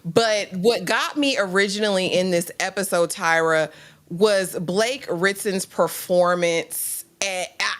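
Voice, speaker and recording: A woman co-hosting a live stream that recaps a TV drama. She greets viewers by name and talks in an emphatic, animated way. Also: fairly low pitch, takes it slowly. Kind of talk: casual live-stream chat.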